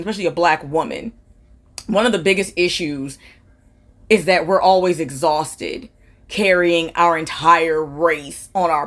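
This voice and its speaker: Low-voiced woman questioning her viewers. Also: a bit bright. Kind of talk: social media video question.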